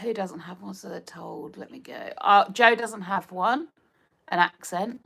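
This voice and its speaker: A woman's voice: mid-range voice, measured pace, vocal fry, fairly bright tone, breathy edge. A woman with a Hertfordshire accent, chatting casually and giggling as she reads out viewer comments on her live stream. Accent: Hertfordshire English. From Hertfordshire, England. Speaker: livestream host.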